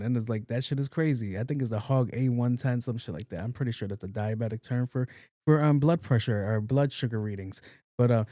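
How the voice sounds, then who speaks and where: A man's voice: medium pitch, darkish tone, no room sound, clean studio sound. A man hosting his own podcast in a casual, rambling, profane monologue, often repeating words playfully. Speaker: podcast host.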